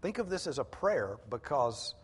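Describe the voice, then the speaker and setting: A man's voice: mid-range voice, very animated, moderate pace, slightly rough. Male pastor, conversational sermon, everyday explanations, mid-range voice, long hall reverb. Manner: conversational, explains scripture in plain everyday words. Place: church hall with a congregation.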